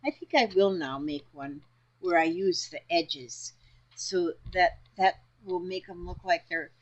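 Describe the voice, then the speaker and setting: A woman's voice: fairly low pitch, a little slow, highs cut off. A woman chatting casually about her quilting fabric, rambling and talking half to herself. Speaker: crafting vlogger. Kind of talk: casual crafting vlog.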